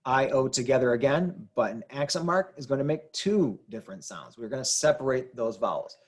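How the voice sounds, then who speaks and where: A man's voice: medium pitch, lively intonation, fairly quick, breathy edge. A man teaching a lesson, explaining rules patiently and repeating key points. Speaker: Spanish teacher. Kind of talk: classroom explanation.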